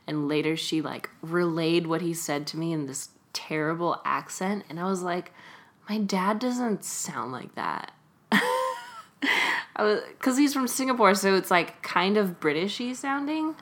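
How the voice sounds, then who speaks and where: A woman's voice: lowish voice, very animated, measured pace, a bit bright. Chatty young woman from California. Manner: chatty, laughs often, many "like" fillers. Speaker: interview guest. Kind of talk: casual conversation.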